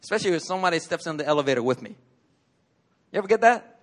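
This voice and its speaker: A man with a fairly high voice preaching a casual, story-driven sermon in a church. He talks in a conversational way, acts out little scenes and laughs along the way. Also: expressive, very fast. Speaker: pastor.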